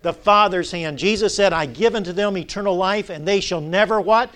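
A man's voice: high-pitched, a little fast, a bit bright. A male Baptist pastor, preaching a sermon, drawing out key words and prompting the congregation to answer. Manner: call-and-response with the congregation.

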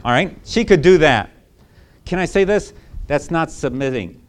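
Male preacher, slightly high voice, chatty and emphatic sermon delivery. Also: expressive, normal speed. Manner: emphatic, conversational, repeating rhetorical asides. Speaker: pastor.

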